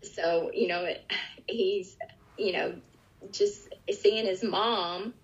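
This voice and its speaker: A woman's voice: medium pitch, steady tone, slow pace. A middle-aged woman recounting a personal experience in an interview, earnest and vivid, often restarting her sentences. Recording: dull lo-fi recording.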